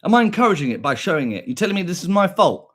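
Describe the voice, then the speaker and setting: A man's voice: high-pitched, very animated, racing, breathy edge. A young British man with a combative, profane manner, ranting back at viewers on a stream and repeating his points.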